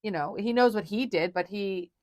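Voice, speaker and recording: A woman's voice: medium pitch, normal speed, dry recording, studio quality. A woman co-hosting a podcast, chatting casually and enthusiastically about a film and acting out its scenes. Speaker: podcast co-host.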